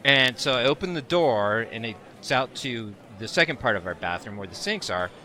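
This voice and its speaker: Speaking at normal speed with a medium-pitched voice, a man co-hosting a podcast tells an animated, casual story and breaks into laughter frequently.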